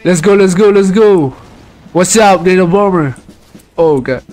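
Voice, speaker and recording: A young man live-streaming a game, excitedly shouting hurried callouts to his teammates. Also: sits high. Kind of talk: live gameplay commentary.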